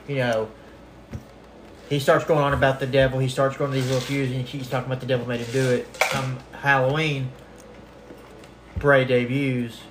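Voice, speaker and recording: A man co-hosting a casual podcast, laid-back as he pitches ideas and chimes in with short agreement. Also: level tone, moderate pace, long pauses, reverberant, noisy background. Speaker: podcast co-host.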